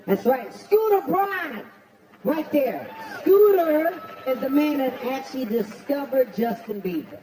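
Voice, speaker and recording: A man doing a stand-up roast, brash and profane, shouting his punchlines. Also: very high voice. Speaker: comedian at a roast. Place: stage before a live audience. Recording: roomy venue with crowd laughter.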